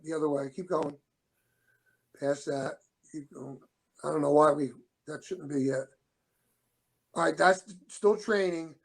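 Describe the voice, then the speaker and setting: Gravelly high-voiced man telling stories. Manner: rambling anecdotes, acts out quoted dialogue. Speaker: show co-host, former wrestler. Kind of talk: casual storytelling.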